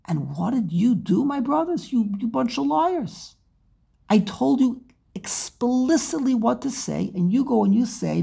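A woman giving a scripture lesson, her voice gravelly with a husky edge. She teaches with animated emphasis and keeps circling back to repeat her points. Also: fairly high pitch, measured pace. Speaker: religious teacher.

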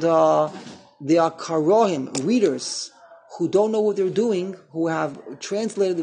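Gravelly husky man teaching a text. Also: a little high. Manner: halting, repeats words, reads Hebrew text and explains it. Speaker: Torah teacher. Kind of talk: text study lesson.

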